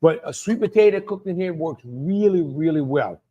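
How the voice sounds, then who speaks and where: This cooking show host, a Louisiana man with a Cajun accent, demonstrates a recipe live at a moderate pace with lively intonation and a mellow sound. He rambles chattily, repeats phrases, and addresses viewers by name, his slightly high voice coming through a muffled recording.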